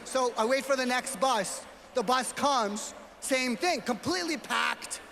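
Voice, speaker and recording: A man from New York with a New York accent, giving a motivational speech as a gala speaker and telling a story while often shouting out to the crowd. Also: very high voice, steady tone, normal speed, creaky, hardly any pauses, slight background noise. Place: large banquet hall. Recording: hall reverb, faint ambience.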